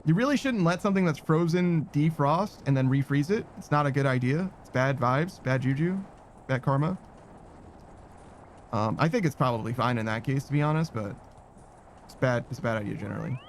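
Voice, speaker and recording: A man's voice: medium pitch, a little fast, slight background noise. A man chatting casually while streaming a game, rambling, swearing and laughing at himself. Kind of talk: casual chat while gaming.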